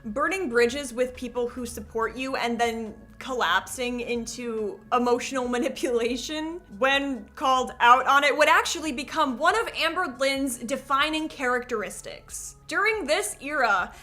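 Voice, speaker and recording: A woman's voice: high voice, normal speed, hardly any pauses, sharp tone. A woman hosting a commentary video, narrating with sarcastic joking asides. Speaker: commentary channel host.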